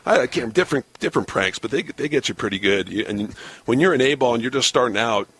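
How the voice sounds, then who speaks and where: A man in his forties, a baseball broadcaster, telling lively stories in a casual podcast interview and laughing often. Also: mid-range voice, quick pace, slightly rough, no room sound. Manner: animated storyteller, laughs often, acts out quotes.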